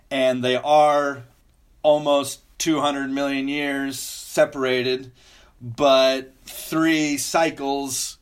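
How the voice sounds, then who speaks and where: A man explaining the reversals of the magnetic field as a guest, in measured and clear sentences. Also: mid-range voice. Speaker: geophysicist guest. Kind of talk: explanatory conversation.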